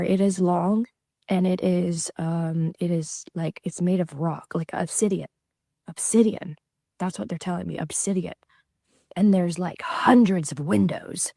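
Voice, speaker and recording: A self-described psychic woman recording a social media clip, shaken and emotional, halting, often dropping into whispers. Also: lowish voice, vocal fry, dark tone, no room sound, studio quality. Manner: halting, shaky, slipping into whispers.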